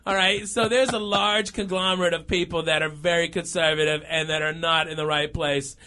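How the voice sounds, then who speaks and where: A man in his thirties telling a funny story in a casual chat, animated and laughing through his lines, often saying okay and all right. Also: fairly high pitch, brisk.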